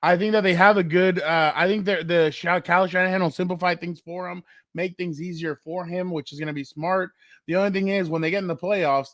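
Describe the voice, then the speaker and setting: A man with a fairly high voice co-hosts a casual sports chat, recorded close and dry. He talks with animated energy and loves spinning playful what-if scenarios. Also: dry recording. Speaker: podcast co-host.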